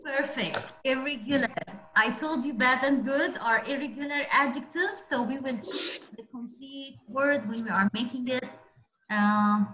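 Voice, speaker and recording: A woman's voice: high voice, unhurried, pushed and bright, a little hiss or hum, rough recording. A woman teacher, patiently explaining grammar rules step by step over a video call. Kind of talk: online grammar lesson.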